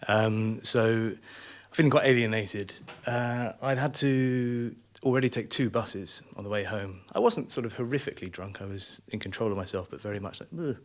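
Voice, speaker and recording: A man's voice: lowish voice, moderate pace. A man telling a true story on a small theatre stage, wry, rambling and self-mocking. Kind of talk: live storytelling.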